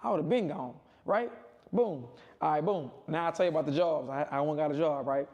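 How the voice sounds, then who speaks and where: A man casually telling a long personal story, rambling and repeating himself, with animated quoted voices. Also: fairly quick, muffled recording. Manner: rambling, repetitive, punctuates with "boom" and "right?". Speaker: storyteller in a played clip.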